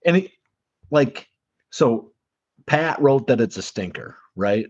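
A man's voice: medium pitch, lively intonation, unhurried, pauses often, slightly rough, no room sound. A man co-hosting a sports podcast in casual chat, blunt and opinionated, swearing freely. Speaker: podcast co-host. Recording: slightly muffled lo-fi recording.

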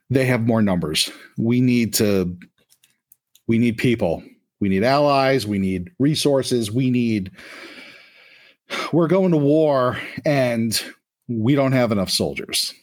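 Brief: hard-nosed war leader woman, blunt, plain delivery, played by a man. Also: mid-range voice. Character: tough woman rallying for war.

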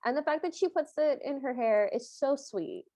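Animated higher-voiced woman, dry close sound. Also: moderate pace, no room sound. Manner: animated, acts out characters' lines in quotes. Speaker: podcast co-host. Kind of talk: casual chat recapping a film.

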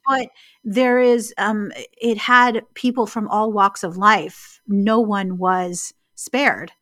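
A woman co-hosting a casual podcast, talking in a reflective, storytelling way and slowing down on key words. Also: mid-range voice, steady tone, fairly bright tone, no room sound, clean studio sound. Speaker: podcast co-host.

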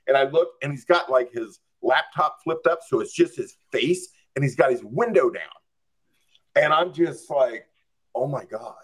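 A man's voice: medium pitch, expressive, normal speed, a bit bright. A man telling a story as a podcast guest, acting out his own reactions with lots of "like.". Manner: frequent "like" and "I'm just like". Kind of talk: casual storytelling.

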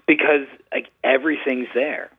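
Priest guy talking casual, husky lowish voice, sounds like it's coming thru a phone. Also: steady tone, normal speed. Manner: conversational, uses "like" often. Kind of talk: casual explanatory talk. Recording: tinny phone-like radio sound.

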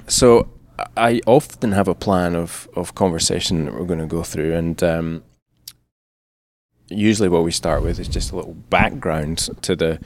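A man's voice: deep voice, gravelly, a little mellow. A man hosting a podcast, reading a wry intro with self-mocking asides, then chatting casually with his guest. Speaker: podcast host. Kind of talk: scripted intro then casual interview chat. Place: large empty echoing conference room.

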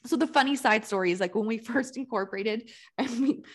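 A woman business coach, a podcast guest, telling stories in an animated way and mimicking other people. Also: fairly high pitch, a little fast. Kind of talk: casual interview chat.

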